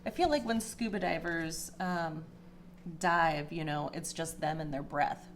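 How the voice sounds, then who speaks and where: A woman's voice: measured pace, a little hiss or hum. A woman giving a casual, emotional spiritual tarot reading, chatty with many fillers and sometimes teary. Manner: emotional, gets teary and pitch rises. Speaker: tarot reader.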